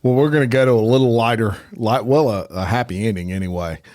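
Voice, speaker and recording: A man's voice: medium pitch, quick pace, darkish tone, no echo, clean studio sound. A man hosting a podcast, reading crime news headlines and adding blunt opinions. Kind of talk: casual news reading with comments.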